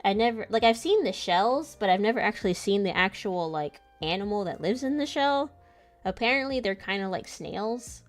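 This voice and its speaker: With soft music in the background, a young comic artist and channel host chats casually as she draws. She tells a loose, rambling travel story in an animated mid-range voice at normal speed, laughing often.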